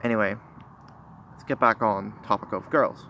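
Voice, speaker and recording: A teenage boy talking candidly to his phone camera outside, shy and halting, full of pauses and restarts. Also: fairly low pitch, vocal fry, highs cut off. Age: teens. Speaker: vlogger. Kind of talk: candid confessional vlog. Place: outdoors by a busy road. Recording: phone recording with loud traffic noise. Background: passing cars.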